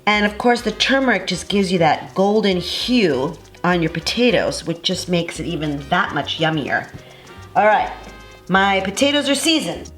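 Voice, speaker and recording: A woman's voice: lowish voice, lively intonation, normal speed, a bit bright. Woman, cooking host, effusive and chatty, echoey kitchen, music behind. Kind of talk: cooking demonstration.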